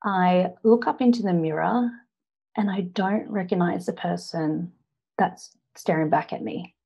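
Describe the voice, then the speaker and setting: An Australian woman in her thirties giving an earnest personal story speech, often pausing on "now" to set up the next part. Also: on the low side, creaky, dark tone, breathy edge, lo-fi sound. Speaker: public speaker.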